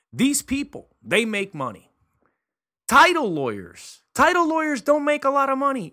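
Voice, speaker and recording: A man hosting his own podcast as a title attorney, venting and telling stories in a casual, animated monologue. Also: on the high side. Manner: animated storyteller, acts out voices.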